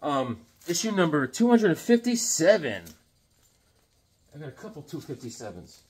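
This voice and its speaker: A man's voice: on the high side, very animated, normal speed, a little mellow, husky. A man chatting casually and joking as he leafs through comics, rambling into silly asides. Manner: rambling, joking, slips into silly voices and songs. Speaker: comic collector host. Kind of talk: casual comedic chat.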